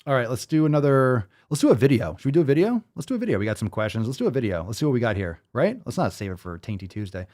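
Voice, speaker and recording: Male fitness host on a live stream, swearing freely, lively swooping pitch, mid-range voice. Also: racing, few pauses. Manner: profane, ranting, energetic.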